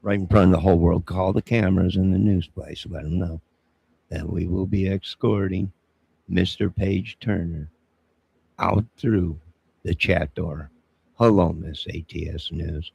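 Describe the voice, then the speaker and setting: Gravelly deep-voiced man, preachy and indignant. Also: mellow, muffled recording. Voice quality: gravelly husky voice. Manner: indignant, preachy, confrontational, keeps saying 'sir'. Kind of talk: rambling live-stream monologue.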